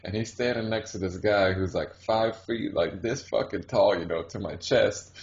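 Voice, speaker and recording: A man's voice: on the low side, normal speed, reverberant. A man casually telling a crude story, swearing constantly and laughing as he talks. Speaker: podcast co-host. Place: hot-climate country, not the US. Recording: dull lo-fi audio.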